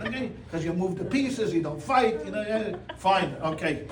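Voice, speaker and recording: Rabbi teaching a class, lively and joking, acts out the characters, higher-pitched male voice, miked from a distance in a roomy hall. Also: normal speed, hardly any pauses. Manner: animated, humorous, acts out voices with Yiddish exclamations. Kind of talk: lively storytelling Torah class. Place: room with a live audience. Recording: roomy sound from a distance, faint room noise.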